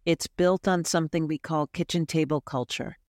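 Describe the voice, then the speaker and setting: A man's voice: fairly high pitch, moderate pace, no echo, clean studio sound. A man hosting an interview podcast, upbeat and affirming, who asks his guest reflective questions. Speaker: podcast host.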